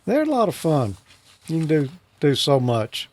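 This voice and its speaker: A man's voice: on the high side, wildly swooping pitch, normal speed, a little mellow. A man co-hosting a casual show, chatting and then explaining technical material with enthusiasm. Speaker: co-host teaching radio exam material.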